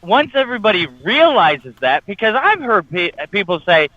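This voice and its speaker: A man's voice: sits high, sing-song, moderate pace, narrow, tinny audio, a crowd in the background. A man co-hosting a morning radio show, ranting bluntly and profanely in casual banter.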